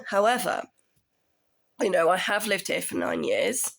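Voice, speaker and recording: A woman's voice: mid-range voice, big pitch swings, slow, vocal fry, slight background noise. A woman in her thirties, a tenant telling her story in a casual, indignant rant that climbs into raised exasperation.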